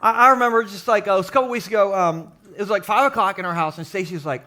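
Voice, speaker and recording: Animated high-voiced pastor preaching live. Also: male voice, very fast. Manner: jokey, animated, talks to the congregation. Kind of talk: sermon. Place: church sanctuary with live audience.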